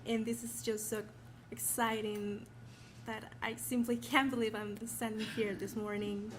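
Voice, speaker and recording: A woman's voice: on the high side, level tone, a little slow, slight background noise. Nervous teen girl with Mexican accent. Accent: Mexican Spanish. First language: Spanish. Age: teens. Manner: nervous, apologetic, earnest. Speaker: honored student. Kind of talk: award acceptance speech.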